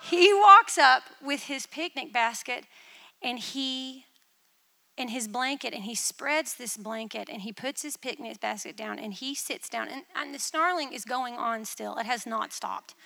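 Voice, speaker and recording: A woman preaching a testimony in a church, telling a vision with animated, dramatic storytelling. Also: a little high, unhurried, gravelly, long reverb tail.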